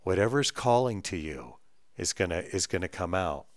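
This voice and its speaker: A middle-aged man ranting bluntly and with profanity, swinging between loud outbursts and low mutters. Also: animated, normal speed, no room sound, clean studio sound. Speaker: vlogger ranting on camera. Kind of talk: heated monologue rant.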